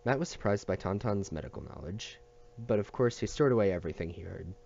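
A man reading a novel aloud at a steady pace, with small slips and restarts. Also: lowish voice, fairly quick, vocal fry, muffled recording. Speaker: audiobook reader.

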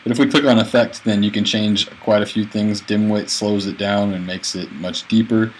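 Low-voiced male teacher screencasting. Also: steady tone, slight background noise, poor audio. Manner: plain, a bit halting, narrating his clicks. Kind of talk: screencast tutorial.

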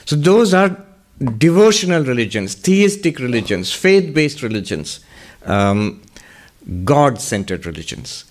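A man in the role of a monk and spiritual teacher answers questions in a lecture. His voice sits in an ordinary middle register for a man. He explains in a measured, unhurried way and laughs lightly now and then. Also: mid-range voice, big pitch swings.

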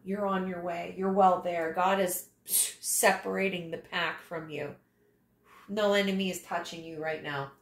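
A woman giving a spiritual tarot reading, reading scripture aloud and encouraging her listeners in a preachy way. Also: mid-range voice. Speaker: tarot reader. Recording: echoey room.

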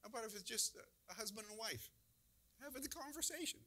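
A man's voice: sits high, expressive, fast talker, sharp tone. A man preaching a conversational sermon as a church pastor, full of rhetorical questions.

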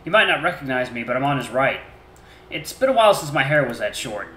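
A man voicing an emotional young man who remembers his lost family, speaking softly and haltingly. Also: mid-range voice, very animated, roomy sound, slight background noise, low-quality recording.

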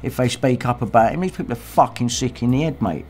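A man's voice: mid-range voice, fast, a little mellow. Foul-mouthed man ranting. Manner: angry, profane and abusive. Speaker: livestream host. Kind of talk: casual rant.

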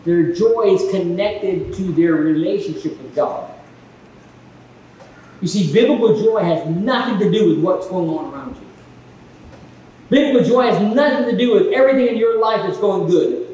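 A man preaching a sermon as pastor, animated in his storytelling and acting out quoted exchanges. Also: high-pitched, normal speed, muffled recording. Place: church hall. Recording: echoey hall from far off, faint noise.

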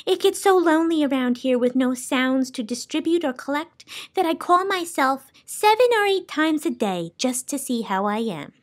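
A woman reading a storybook aloud, voicing a gentle, chatty, lonely woman who keeps all sound, in a soft, lilting, high voice. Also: lively intonation, normal speed, few pauses. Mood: dreamy.

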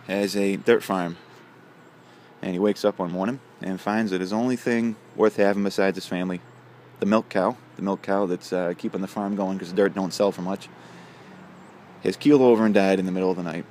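Deep-voiced man rambling through a joke. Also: a little mellow, slight background noise. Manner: rambling, filler-heavy delivery. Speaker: vlogger telling a joke. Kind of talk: casual joke-telling.

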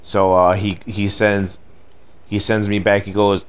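A middle-aged man with a lowish voice tells a story in a loose, rambling rant. He swears freely and keeps dropping "you know what I mean" as he goes. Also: level tone, measured pace, smooth. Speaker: gaming video host.

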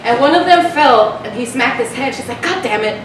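A young woman doing a stand-up comedy set, chatty and self-mocking, often laughing along with her own punchlines. Her voice sits a little high and carries through a strongly echoing room. It is picked up from some distance, with loud noise around it. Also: lively intonation, brisk. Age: young adult. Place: small live venue with audience laughter. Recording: echoey, distant, noisy live room recording.

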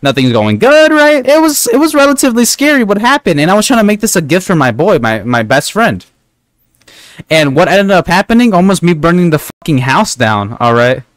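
Male gaming streamer, slightly high voice, dry close sound; rambling, profane, chatty storyteller. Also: very animated, brisk, no echo. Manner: rambling, profane, keeps asking "right?". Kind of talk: casual storytelling while gaming.

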